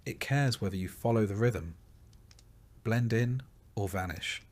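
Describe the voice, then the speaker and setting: Male narrator, slightly low voice, slow and soothing bedtime-story read. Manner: slow, soft and calm. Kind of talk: scripted sleep-story narration.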